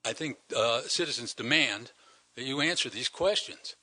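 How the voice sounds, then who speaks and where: An older man delivers an indignant public comment to a town council as a citizen delegate, firing off rhetorical questions with emphatic stress. His mid-range voice moves at normal speed and sounds pushed and bright.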